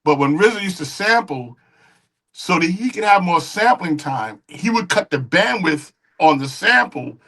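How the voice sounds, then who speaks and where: A middle-aged man, a music engineer and guest, casually telling studio stories in an animated way and acting out the quoted dialogue. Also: high-pitched, normal speed. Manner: animated storyteller who acts out quoted dialogue. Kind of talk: casual interview storytelling.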